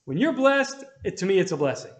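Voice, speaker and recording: A man's voice: sits high, very animated, brisk, reverberant. A man leading a Bible study, talking conversationally and calling on his listeners for amens. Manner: conversational, asks the room for amens. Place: church hall.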